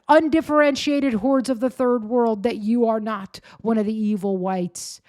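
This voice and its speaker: A woman's voice: on the high side, a little mellow, no echo, studio quality. A woman hosting a commentary show, talking in a sarcastic, mocking, rambling way. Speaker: host. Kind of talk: commentary on clips.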